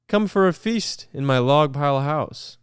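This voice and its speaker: A man's voice: fairly high pitch, expressive, measured pace, clean tone, dry recording, clean studio sound, pitched above the performer's own voice. A man voicing a sly, hungry snake that sweet-talks its prey while reading a children's picture book aloud. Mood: coaxing. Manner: coaxing, storybook read-aloud.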